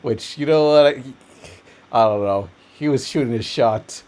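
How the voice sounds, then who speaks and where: A man's voice: medium pitch, measured pace, a little mellow. A man chatting casually with friends while watching videos, rambling through offhand asides. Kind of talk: casual chat.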